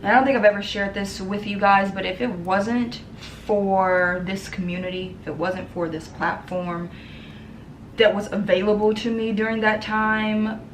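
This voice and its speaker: A woman's voice: medium pitch, fairly even intonation, unhurried. Earnest young woman vlogger, roomy sound. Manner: earnest, many ums, emotional and tearful at times. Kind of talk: casual heartfelt talk to camera. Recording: roomy echo with faint background noise.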